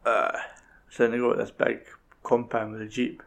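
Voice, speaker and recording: Gravelly Scottish man, casual. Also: mid-range voice, monotone, moderate pace. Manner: sweary, rambling recap. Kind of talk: casual chat.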